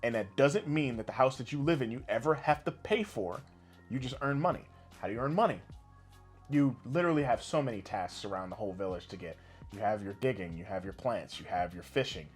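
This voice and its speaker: Animated young man swearing through stories. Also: medium pitch, a little fast, breathy edge, faint music behind. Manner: animated, swearing, laughing storyteller. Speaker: podcast co-host. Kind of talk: casual gaming podcast chat.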